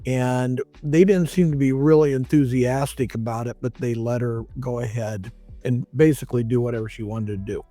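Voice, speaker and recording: A male chiropractor, speaking in a mellow medium-pitched voice, shares a patient's story in a chatty monologue. Whenever he quotes someone, he acts it out with a raised voice.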